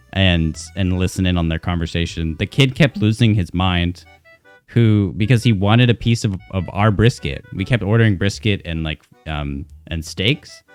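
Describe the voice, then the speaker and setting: A young man streamer rambling through a funny story, animated and cursing freely, full of restarts. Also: fairly low pitch, smooth. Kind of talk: casual storytelling.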